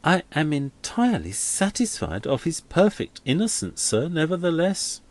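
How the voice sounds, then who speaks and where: A man's voice: on the high side, very animated, moderate pace, a little mellow, pitched above the performer's own voice. A man voicing an earnest, submissive young male clergyman in a storybook reading. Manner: pleading, submissive.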